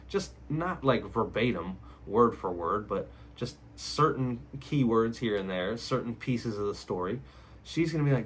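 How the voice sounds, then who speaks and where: A man's voice: fairly high pitch, breathy edge. Blunt man lecturing listeners. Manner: blunt, repetitive, rhetorical questions. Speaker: relationship advice video host. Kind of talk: casual monologue to camera.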